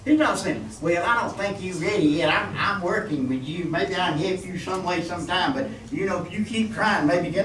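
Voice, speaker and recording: A man's voice: high-pitched, expressive, moderate pace, few pauses, fairly bright tone, far from the mic, slight background noise. A man preaching a folksy sermon, calling out for amens from the congregation. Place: church. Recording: echoey church room, mic from afar.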